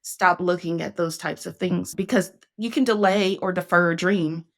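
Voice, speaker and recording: A woman's voice: fairly low pitch, fairly even intonation, normal speed. A woman hosting a casual conversation, telling her story in an earnest, reflective way. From Northeast Ohio, USA. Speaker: podcast host.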